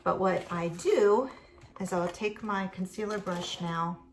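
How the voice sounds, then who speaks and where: A woman's voice: lowish voice, a little slow, a little hiss or hum. A middle-aged woman chatting casually at home while doing her makeup, rambling and chatty with many fillers. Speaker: beauty vlogger.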